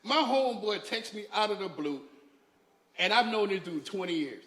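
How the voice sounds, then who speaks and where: A man's voice: sits high, expressive, moderate pace, bright, forceful tone. A man doing a stand-up comedy set on stage, telling stories in a loose, chatty way and talking back to the crowd. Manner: loose, conversational storytelling with crowd asides. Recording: echoey hall with long reverb.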